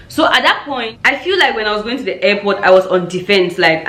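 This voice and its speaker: Woman vlogger, lively storyteller, recorded in an echoey room. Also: medium pitch, a little fast, hardly any pauses. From Cameroon. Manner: animated storyteller acting out quoted voices. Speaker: YouTuber. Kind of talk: storytime vlog. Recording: roomy echo.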